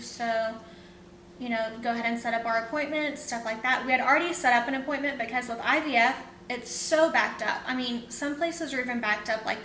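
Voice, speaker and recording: Young woman telling her story, echoey room. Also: pushed and bright. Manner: rambling, quick and emotional, with many fillers. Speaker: vlogger. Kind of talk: casual personal storytelling. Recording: roomy echo, faint rumble.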